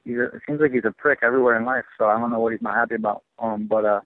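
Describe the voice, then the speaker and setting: A fighter answering press questions on a conference call, halting with lots of fillers, heard over a phone line. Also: male voice, medium pitch, gravelly, no room sound. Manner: halting, many fillers and restarts, dismissive. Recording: tinny dry phone line.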